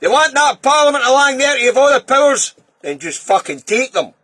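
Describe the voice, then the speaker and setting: A man's voice: very high voice, sing-song, a little fast, a bit bright, no room sound. A middle-aged Scottish man ranting in a sweary, blunt and heated political monologue. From Scotland. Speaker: political video commentator.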